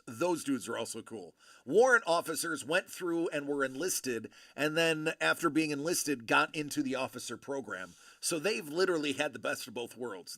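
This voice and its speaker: Gravelly-voiced man telling a lively story. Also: medium pitch, no room sound, clean studio sound. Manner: animated, acts out the people in his story. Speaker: show host telling a story. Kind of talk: casual storytelling chat.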